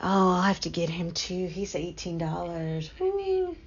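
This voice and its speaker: A middle-aged woman hosting a casual live stream, chatty and quick to laugh as she talks to her chat. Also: lowish voice, big pitch swings, husky. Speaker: livestream host. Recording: dull lo-fi stream audio.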